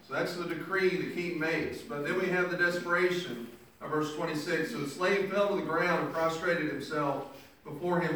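A man's voice: a little high, steady tone, moderate pace, a bit bright, a little hiss or hum. A man preaching a sermon, reading scripture verses and then explaining them in his own words with emphasis. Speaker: pastor. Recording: echoey room picked up from a distance.

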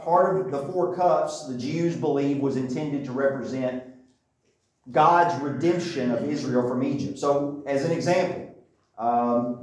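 A man's voice: on the high side, darkish tone. A man teaching a Bible class, explaining things in a conversational way and often checking in with his listeners. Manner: conversational, with frequent checks like "okay?" and "right?". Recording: echoey room, distant mic.

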